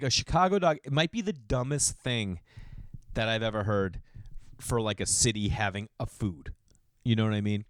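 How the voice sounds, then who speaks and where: Man, podcast host, casual rambling monologue, opinionated, dry close-miked sound. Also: dry recording. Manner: animated, opinionated, rambling with sudden pitch jumps.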